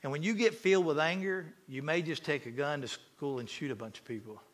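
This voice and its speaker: A man preaching an impassioned sermon, swinging from loud to hushed and asking the congregation questions. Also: fairly high pitch, a little fast.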